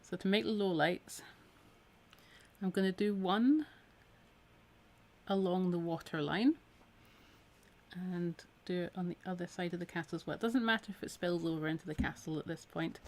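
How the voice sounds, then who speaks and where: Speaking at normal speed with long pauses, a Scottish woman's lowish, darkish voice carries a live needle felting tutorial. She is chatty and encouraging, talking as she works, though a week of talking has left her a little tired.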